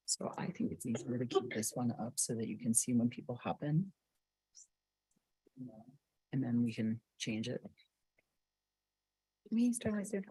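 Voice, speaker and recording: A staffer at a council meeting explains in a practical way how to set up the video call screen. The voice is mid-pitched and a little husky. It sounds dry and close to the mic. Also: a little slow, long pauses, warm tone, dry recording, low-quality recording. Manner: practical, giving instructions. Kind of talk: casual chat about the video call setup. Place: council chamber.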